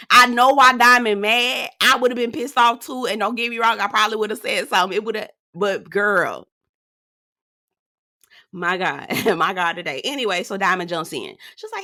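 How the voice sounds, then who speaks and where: A woman's voice: medium pitch, sharp tone. A woman giving casual commentary on a reality TV show, sassy and outspoken, talking straight to her viewers. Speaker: reality TV reviewer.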